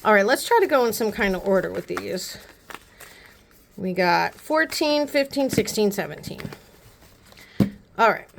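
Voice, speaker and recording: A woman vlogger chatting casually to the camera, gushing and rambling with quick asides. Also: mid-range voice, expressive, vocal fry, a little hiss or hum. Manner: chatty and gushing, repeats "pretty" often. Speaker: beauty vlogger. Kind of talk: casual haul chat to camera.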